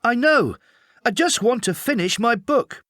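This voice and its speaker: A timid, bookish young schoolboy with a raised, lively voice that lifts well above the reader's own , as a man puts him on. He pleads and drags his feet, and the reading stays slow and dry. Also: extremely high pitch, no room sound, voice pushed up, full character voice. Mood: reluctant. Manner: pleading, reluctant.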